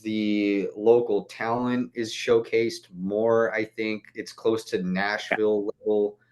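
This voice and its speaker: A man's voice: lowish voice, level tone, slow, darkish tone. A young man chatting as a podcast guest, rambling with lots of "like" fillers and casual swearing. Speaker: guest musician.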